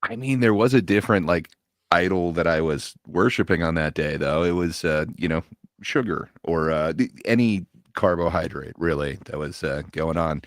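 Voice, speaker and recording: A man co-hosting a casual podcast, talking in a relaxed, rambling way with many fillers and asides. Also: sits low, moderate pace, dry recording, studio quality. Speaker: podcast co-host. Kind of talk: casual chat.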